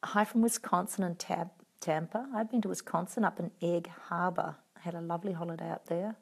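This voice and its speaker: Low gravelly woman, wry and chatty. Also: fairly even intonation, a little fast. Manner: chatty, wry and playfully teasing. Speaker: actress answering fan questions. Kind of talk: casual live video Q&A reading out comments.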